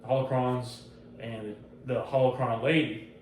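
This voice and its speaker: A man talking casually on a podcast, swearing freely and getting animated as he retells things. He sits back from the mic, so his voice carries a lot of room echo, with faint ambience underneath. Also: medium pitch, measured pace, recorded from a distance, a little hiss or hum. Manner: loose, profane, animated retelling. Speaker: podcast host. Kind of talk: casual chat.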